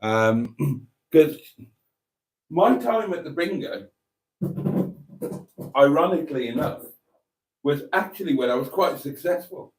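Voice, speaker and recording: Give me a jokey, rambling British man hosting a live stream, with a lively swooping delivery. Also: fairly high pitch, takes it slowly, long pauses. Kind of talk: casual live-stream chat.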